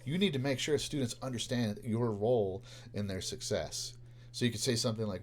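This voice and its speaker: A man's voice: medium pitch, a little hiss or hum. A man, a teacher, explaining classroom conversation tactics in a loose podcast style, full of fillers and restarts and acting out student-teacher exchanges. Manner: informal, halting, lots of fillers and restarts. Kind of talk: podcast explaining with role-played dialogue.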